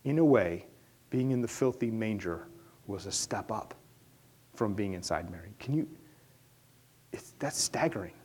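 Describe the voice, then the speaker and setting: A middle-aged man, a pastor, preaching an earnest sermon that rises to loud, high-pitched emphasis at its peaks. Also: normal speed, slight background noise.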